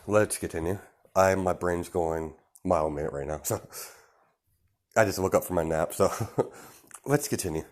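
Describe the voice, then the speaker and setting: Rambling man telling a fan story. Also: low voice. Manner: rambling, full of fillers and restarts. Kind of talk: casual improvised storytelling.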